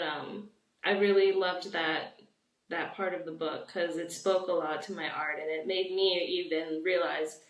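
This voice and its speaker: Heard from a distance in a roomy recording, this young woman's mid-range voice belongs to a guest artist chatting in a relaxed interview. Her talk wanders, heavy with fillers, and "like" crops up constantly.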